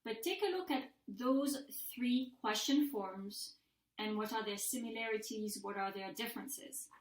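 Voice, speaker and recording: In an echoey room, a woman who works as a language instructor records a short lecture, patiently modeling example sentences aloud. Her voice is slightly high and her pace unhurried.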